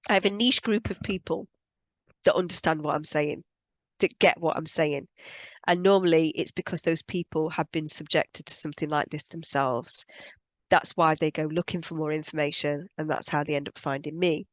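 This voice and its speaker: Earnest woman healer, low dry voice. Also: steady tone, normal speed, no room sound. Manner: earnest, emphatic, repeats points for stress. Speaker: spiritual healer teaching on energy. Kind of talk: explanatory video monologue.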